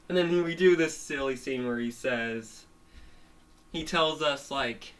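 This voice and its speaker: A storyteller retelling a cartoon episode, halting with many restarts and fillers. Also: mid-range voice, a bit bright. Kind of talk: rambling spoken retelling.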